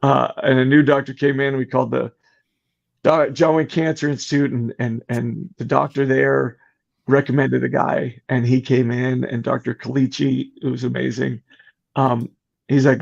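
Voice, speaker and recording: Gravelly middle-aged man telling a story. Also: mid-range voice, moderate pace. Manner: animated, acts out quoted voices. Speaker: podcast guest. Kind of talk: casual storytelling. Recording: muffled lo-fi podcast audio.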